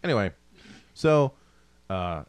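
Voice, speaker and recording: A man co-hosting a podcast in a fairly low voice that swings widely up and down as he rants. He talks in casual, animated bursts, swearing freely and poking fun at himself. The sound is close and dry, with no room around it. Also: takes it slowly, clean tone, no echo. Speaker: podcast co-host. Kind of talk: casual chat.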